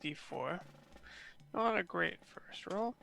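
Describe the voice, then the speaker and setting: A man's voice: high voice, expressive, slow, gravelly, music in the background. A man playing a tabletop game, polite and laughing easily. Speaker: player. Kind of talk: casual tabletop play.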